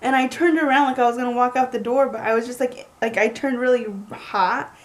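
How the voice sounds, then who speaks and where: A young woman telling a story in a chatty, animated way, full of likes. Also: fairly high pitch, brisk, rough recording. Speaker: vlogger. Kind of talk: casual storytelling.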